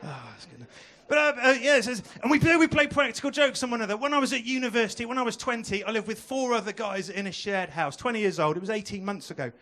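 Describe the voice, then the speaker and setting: A young man works the room in a stand-up set, talking in a high, bright voice into a handheld stage mic. He chats with the crowd and throws in quick asides. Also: expressive. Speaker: stand-up comedian. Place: comedy club stage.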